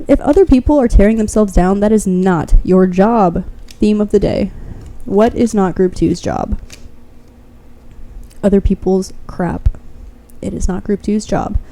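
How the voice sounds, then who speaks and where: A woman's mid-range, mellow voice moves slowly through a pick-a-card tarot reading aimed straight at the viewer. She's blunt and passionate, curses freely, and keeps cheering the listener on.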